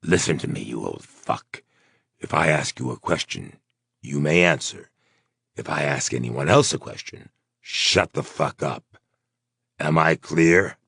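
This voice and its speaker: A man voicing a menacing male gunman who mocks his captives in a slow, taunting way. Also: extremely low pitch, lively intonation, gravelly, a bit bright, breathy edge, no room sound, studio quality, heavily acted. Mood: threatening.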